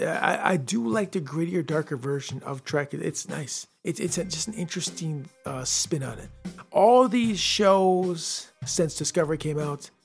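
A man hosting his own podcast, talking casually and rambling through an episode review with frequent restarts. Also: fairly high pitch. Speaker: podcast host.

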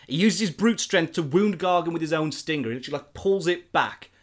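A man's voice: on the high side, expressive, a little fast. A man, casually and animatedly retelling a film plot, rambling with lots of fillers.

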